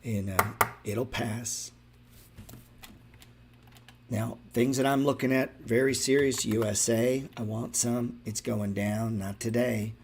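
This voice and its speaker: A man's voice: medium pitch, takes it slowly, gravelly, long pauses, slight background noise. A man hosting a stock trading show, giving loose, profane live market commentary and talking straight to his viewers. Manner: excitable, profane, talks to viewers directly.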